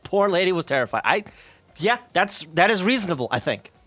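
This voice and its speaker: High, lively, swearing storyteller man. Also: fairly quick. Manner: profane, rambling, frequent fillers and asides. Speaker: streamer. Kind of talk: casual storytelling chat.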